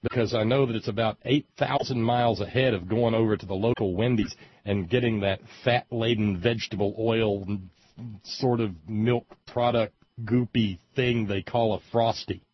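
Sardonic male commentator from West Virginia, low and husky, meandering delivery; dry, muffled lo-fi recording. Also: steady tone, moderate pace, no echo. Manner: sardonic, meandering, with frequent hesitations. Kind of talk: rambling commentary monologue. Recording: dull lo-fi audio, dry.

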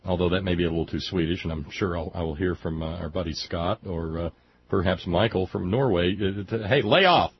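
A man hosting a radio show, talking in a halting, repetitive way with dry humor. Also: low voice, fairly even intonation, slightly rough, muffled recording. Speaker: radio host. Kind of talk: casual chat.

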